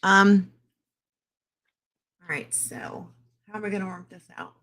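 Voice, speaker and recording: A woman's voice: mid-range voice, fairly even intonation, a little slow, a bit bright. A woman co-hosting a live stream, chatting in a rambling, self-deprecating way and often apologizing. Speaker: co-host. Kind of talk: casual live-stream chat.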